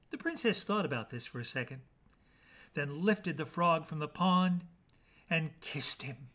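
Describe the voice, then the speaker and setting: A man reads children's bedtime stories aloud, playful and animated, with dramatic pauses. His voice sits fairly high and swings widely. The tone is bright and sharp. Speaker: storyteller. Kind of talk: bedtime storybook reading.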